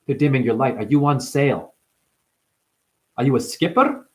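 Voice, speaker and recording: Speaking at medium pitch and a normal pace, a man delivers a meandering spiritual talk built on wordplay and free association, his volume jumping from barely a whisper to sudden loud bursts.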